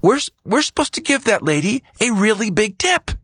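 A man doing his earnest young son, pitched up high. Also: sing-song, fairly quick, very noisy. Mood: urgent.

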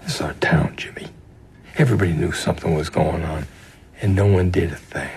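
A hard-nosed newsman with a Boston accent, played by a man presses his point in a low, urgent voice. His voice is very deep. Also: fairly quick, a little mellow, a little hiss or hum, lightly acted.

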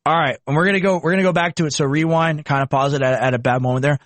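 A man hosting a reaction commentary, heated and scornful, with sudden jumps in pitch. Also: fairly even intonation, racing, a bit bright, no room sound. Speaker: political commentator. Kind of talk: reaction commentary on a video clip.

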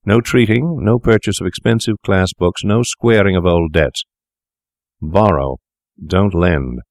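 A man doing a smooth, coaxing young doctor. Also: low voice, measured pace, darkish tone, no echo, studio quality. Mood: persuasive. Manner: smooth, persuasive, lecturing. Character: cool, coaxing young male doctor, sinister.

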